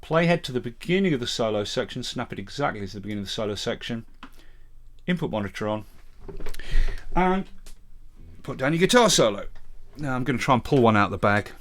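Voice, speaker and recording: Man with a Midlands accent, mid-pitched, talking matter-of-factly through a screen-recorded tutorial into a close studio mic. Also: lively intonation, a little fast, long pauses, a bit bright. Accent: English Midlands. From English Midlands. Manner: step-by-step, matter-of-fact talk-through. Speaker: music production tutor. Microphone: vocal mic set up close and loud.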